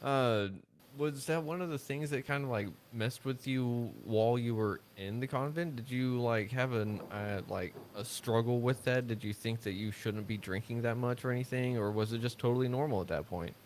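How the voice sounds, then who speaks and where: A man with a mid-range voice hosts a casual interview against faint background noise. He is relaxed and jokey and keeps the talk going with short agreeing sounds. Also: mid-range voice, normal speed. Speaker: podcast host.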